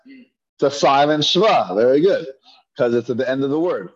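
A man's voice: medium pitch, lively intonation, moderate pace. A man teaching a Hebrew reading class, patiently sounding out syllables for students to repeat and often restarting his phrases. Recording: dull lo-fi class recording.

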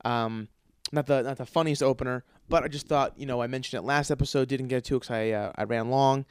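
A man's voice: mid-range voice, steady tone, fast talker, clean tone, no room sound. Foul-mouthed grumbling male podcast host. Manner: profane, grumbling, rambling with restarts. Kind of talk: casual comedic rant.

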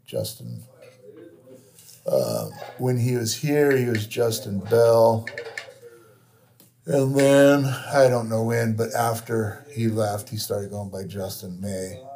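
A tattoo shop owner with a Californian accent, telling stories in casual chat, swearing freely and acting out other people's lines. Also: male voice, fairly low pitch, takes it slowly, gravelly, mellow. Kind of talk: casual storytelling.

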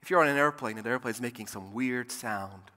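A man preaching a lively, jokey sermon from a church pulpit, his bright voice carrying a long hall echo. He swings between loud, emphatic points and soft, quiet asides. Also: mid-range voice, a little fast. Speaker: pastor.

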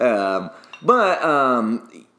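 A man's voice: mid-range voice, big pitch swings, very slow, sharp tone. Chatty barber man in an echoey room. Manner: chatty, laughs often, self-deprecating. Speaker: barber, interview guest. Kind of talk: casual storytelling.

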